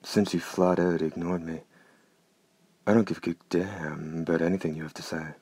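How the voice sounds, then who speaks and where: A man's voice: steady tone, normal speed, a little mellow, slightly rough. A man voicing a blunt, coarse, hard-bitten male coach driver in an audiobook. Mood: defiant. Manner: blunt, coarse, low-voiced. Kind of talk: audiobook character reading.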